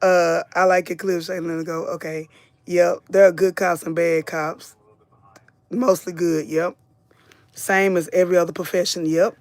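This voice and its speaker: A woman's voice: fairly low pitch, little pitch movement, moderate pace, darkish tone, dry recording. A middle-aged woman, hosting a live commentary stream, chatting casually and reading viewer comments aloud. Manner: chatty, reads viewer names aloud, drawls and repeats phrases.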